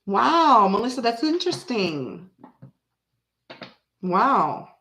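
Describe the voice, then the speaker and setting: At home, a woman hosting a live tarot reading chats casually, rambling from topic to topic and breaking into hummed or sung bits of songs. Now and then she goes soft and affectionate to coo at her cat. Her voice is fairly high with big pitch swings, and she speaks slowly.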